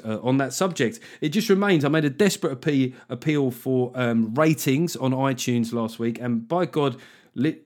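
A man's voice: mid-range voice, darkish tone. A middle-aged man hosting a solo comedy podcast, rambling wryly and swearing as he goes. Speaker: podcast host.

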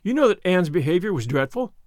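A man's voice: high voice, sing-song, a little fast, darkish tone, dry recording. A man doing a stern dry spinster. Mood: indignant. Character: stern dry middle-aged spinster woman.

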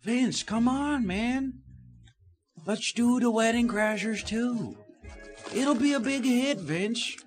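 A man putting on a breathy, hushed impression of a laid-back male film star with a slow, drawling lilt. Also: extremely high pitch, soft background music, pitched above the performer's own voice. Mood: dreamy.

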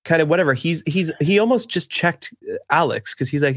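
Podcast co-host, man, chatty and opinionated, somewhat high voice, dry booth sound. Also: a little fast, no room sound. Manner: animated, hesitant restarts, opinionated. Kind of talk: casual chat.

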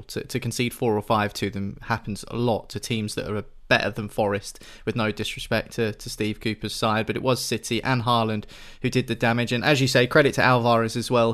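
Steady man hosting a football podcast. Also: mid-range voice. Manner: steady, leads topic changes. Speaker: podcast host.

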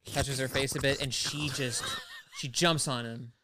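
A man's voice: medium pitch, unhurried, music in the background. A man co-hosting a podcast, chatting casually and enthusiastically about a cartoon. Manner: excited, enthusiastic. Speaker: podcast co-host. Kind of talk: casual chat.

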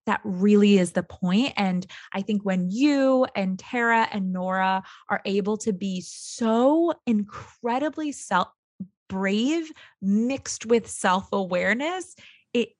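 Here a podcast host interviews someone in a relaxed conversation, her mid-range voice captured with studio quality and no echo. Her sentences run long and flowing, and she sounds eager and sincere.

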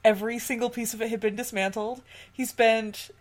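A woman co-hosting a casual movie-review chat, wry, dropping quick jokes and laughing. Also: fairly high pitch, fairly even intonation. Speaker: podcast co-host.

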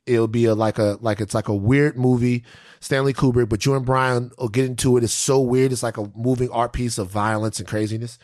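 A man hosting a podcast rants animatedly in casual conversation, swearing a lot and repeating phrases. He has a mid-range voice and speaks a little fast.

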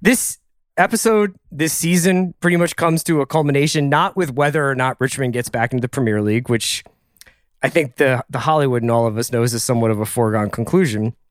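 A man's voice: medium pitch, fairly quick, dry recording, studio quality. A man hosting a podcast, talking casually and thinking aloud through a discussion of a TV episode. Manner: chatty, thinks aloud with restarts and asides. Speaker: podcast host. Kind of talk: casual pop-culture discussion.

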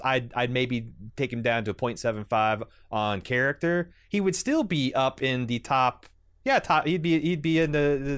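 In a dry recording, a podcast co-host with a medium-pitched, slightly bright voice wanders through casual chat. He hesitates, uses lots of fillers and keeps restarting his sentences.

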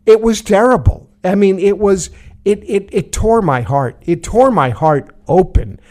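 A man's voice: sits high, unhurried, a little mellow. A man from New York, a former congressman, trading wry political commentary and stories in a casual chat. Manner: wry, sardonic storytelling. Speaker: show host, former congressman.

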